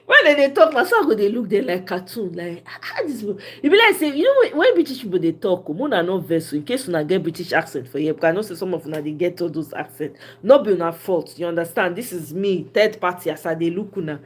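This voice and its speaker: A woman with a Nigerian accent giving casual political commentary, mixing Pidgin English with animated, often laughing delivery. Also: on the low side, fast, few pauses.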